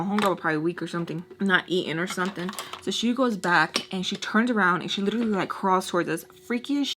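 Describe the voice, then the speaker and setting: A young woman vlogger telling a dramatic storytime while doing her makeup, chatty and animated, full of "like" and "y'all". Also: mid-range voice, a little hiss or hum. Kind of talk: casual storytelling.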